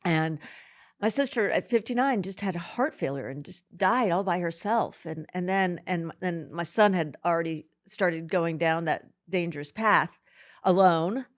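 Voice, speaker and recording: A middle-aged woman appears as a podcast guest in an interview, her voice fairly low. She speaks haltingly and with emotion, restarting her sentences many times.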